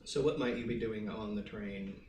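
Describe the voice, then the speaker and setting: A man's voice: fairly low pitch, moderate pace, darkish tone, roomy sound. Male game master, chatty filler-heavy narration, faint hiss, distant mic.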